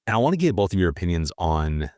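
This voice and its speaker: A man's voice: low-pitched, sing-song, quick pace, darkish tone, no room sound, clean studio sound. A man hosting a casual podcast chat, thoughtfully asking his guests open questions. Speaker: podcast host.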